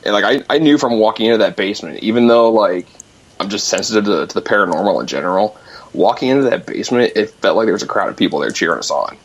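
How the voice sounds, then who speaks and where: A man's voice: on the low side, animated, slightly rough. A young man calling in, telling a ghost story in a rambling, casual way with lots of fillers. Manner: rambling, many fillers, quick. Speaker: guest musician calling in. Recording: dull lo-fi call-in line.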